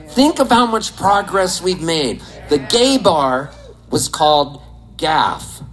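A man in his sixties with a fairly high voice tells stories in a casual way. He is animated and quick to laugh, and he swears freely. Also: low-quality recording. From Southern California. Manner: animated, laughing, profane anecdotes. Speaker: storyteller. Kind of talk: casual storytelling.

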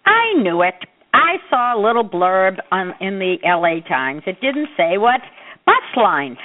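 A woman's voice: medium pitch, big pitch swings, moderate pace. An older woman leaving chatty, rambling, affectionate voicemail messages for her grown child. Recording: phone-line voicemail.

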